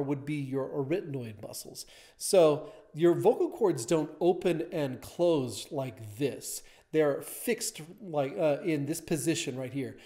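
A man's voice: fairly high pitch, mellow. A man teaching a vocal lesson, explaining step by step as he points to a diagram.

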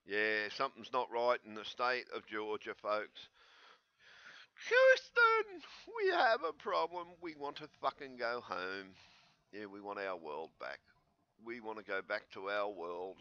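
A man without his teeth in, slightly slurred, rambling in an agitated, excitable casual vlog commentary on a dull lo-fi recording. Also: fairly low pitch. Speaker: vlogger.

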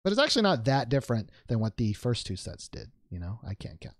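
A man's voice: mid-range voice, sing-song, fast, no echo, clean studio sound. A man hosting a trading card unboxing video, talking casually as he opens packs, rambling and joking with playful made-up words.

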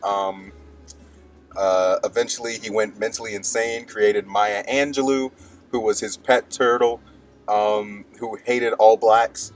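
A man's voice: on the low side, fairly even intonation, slow pace, soft background music, rough recording. A young man co-hosting a podcast, rambling through stories casually, laughing often and acting out quoted lines. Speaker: podcast co-host. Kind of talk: casual chat.

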